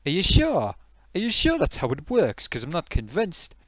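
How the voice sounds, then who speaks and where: A man's voice: on the high side, wildly swooping pitch, normal speed, a bit bright, dry recording, clean studio sound, heavily acted. A man voicing a cocky, touchy male potato from Newcastle with a Geordie accent, co-presenting a comedy puppet stream. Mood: needling.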